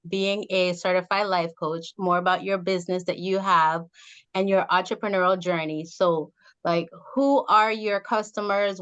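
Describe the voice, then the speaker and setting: A woman from the Caribbean with a Caribbean accent, hosting a casual interview and telling stories in an animated way, laughing often. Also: mid-range voice, smooth, lo-fi sound. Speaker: host.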